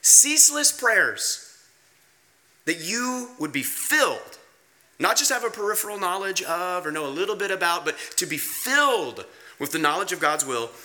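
Bright-voiced, emphatic man preaching. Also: animated, moderate pace. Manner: conversational, emphatic, rhetorical questions; varies pace and pitch widely for emphasis. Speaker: pastor. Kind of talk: sermon.

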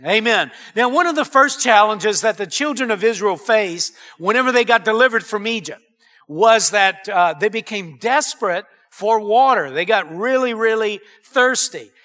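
A male pastor delivering an earnest, emphatic sermon. His voice is very high and bright with a sharp edge. He keeps building to louder exclamations. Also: lively intonation, normal speed.

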